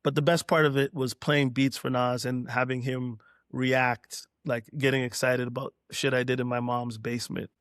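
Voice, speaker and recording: A middle-aged man from Canada tells a relaxed story as a podcast guest and slips into quoted dialogue along the way. His pitch stays level and sits in a middle register. The sound is close and dry, with no room around it. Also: moderate pace, smooth, no echo. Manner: relaxed anecdote-telling, acting out quoted dialogue. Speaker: guest, DJ and producer. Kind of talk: casual storytelling in a podcast interview.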